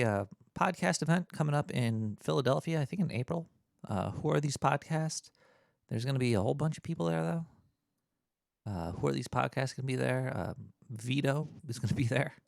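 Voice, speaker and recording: A man hosting his own show in casual, rambling talk, laid-back and halting with many fillers. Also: medium pitch, expressive, vocal fry, dry recording, clean studio sound. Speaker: podcast host.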